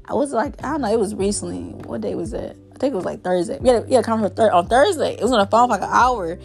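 A woman's voice: medium pitch, animated, fast, gravelly, soft background music. Candid woman rambling in a personal monologue. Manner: candid, rambling, many "like" fillers.

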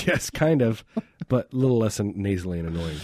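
A man's voice: fairly low pitch, very animated, moderate pace, a little mellow, dry recording, clean studio sound. A man co-hosting a radio show, bantering loosely and joking at his own expense. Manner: self-mocking, jokey, mimics voices, frequent laughs.

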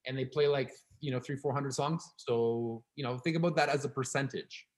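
A man with an average-pitched voice, co-hosting a casual chat. He rambles, restarts his sentences, and gets animated when he reads something funny aloud. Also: normal speed. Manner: rambling, restarts often, laughs while reading. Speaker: podcast co-host.

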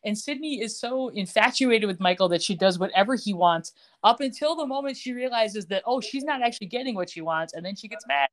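Brief: woman, podcast co-host, lively plot recap, middle pitch, plays the characters' lines. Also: brisk, few pauses. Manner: acts out characters' lines with shifting pitch, laughs often. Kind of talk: casual chat, animated plot retelling.

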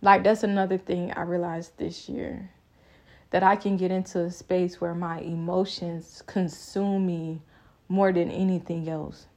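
A woman's voice: on the low side, little pitch movement, a little slow, mellow. A young adult woman vlogging a personal faith reflection, with an emphatic, repetitive, preaching cadence.

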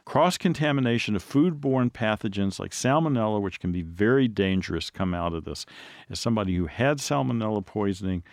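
Low-voiced man, dry informative host. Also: lively intonation, a little fast, no room sound. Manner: informative, reads facts and figures with dry asides. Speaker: radio show co-host. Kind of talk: conversational talk show.

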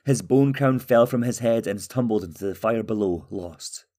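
A man narrates a fantasy novella in a steady, even manner. His voice sits low and calm, paced for scripted storytelling. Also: moderate pace. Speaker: audiobook narrator.

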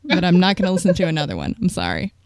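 A woman's voice: on the low side, very animated, rapid-fire, vocal fry, darkish tone, no room sound, clean studio sound. A woman, co-hosting a podcast in chatty, self-deprecating casual talk. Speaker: podcast co-host. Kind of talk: casual chat.

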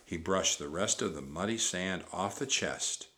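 A man reading a children's storybook aloud with animated delivery. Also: sits low, a little slow. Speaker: narrator.

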